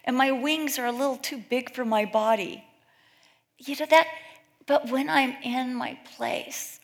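A woman's voice: sits high, a little slow, gravelly. A middle-aged woman giving a sermon in a conversational, storytelling style, acting out quoted voices as she goes. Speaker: speaker at a church gathering. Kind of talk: sermon with personal stories.

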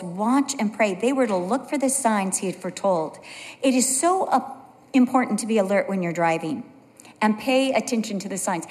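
A woman's voice: medium pitch, a little mellow. Woman, middle-aged, sermon, earnest storyteller, long church-hall reverb. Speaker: pastor's wife preaching.

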